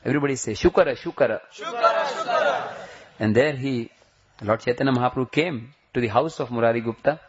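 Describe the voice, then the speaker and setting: A man preaching a sermon, retelling a devotional story and slowing down with a lifted voice when he quotes prayers. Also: mid-range voice, breathy edge. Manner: slows and rises when voicing prayers. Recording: dull lo-fi recording.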